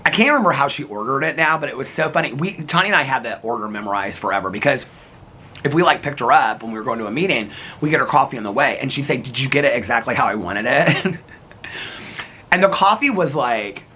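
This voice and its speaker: A man's voice: medium pitch, lively intonation, fast talker, bright, forceful tone, slight background noise. A middle-aged man vlogging in a rambling casual chat, laughing often as he talks.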